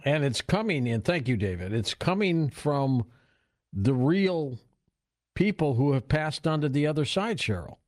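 A man's voice: on the high side, animated, measured pace, a little mellow, no room sound, studio quality. A man hosting a radio call-in show, offering short affirmations and announcing the break. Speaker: radio talk show host.

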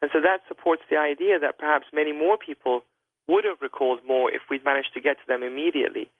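Man, guest doctor, measured and hedging, tinny phone line, dry sound. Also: a little high, no echo. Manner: measured, hedging, with many fillers. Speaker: guest doctor on a call-in radio show. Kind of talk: careful explanatory talk over a phone line.

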